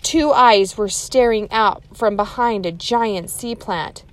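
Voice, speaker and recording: A woman's voice: mid-range voice, takes it slowly, slight background noise. A woman reading a chapter book aloud to children, adding chatty asides to her young listeners.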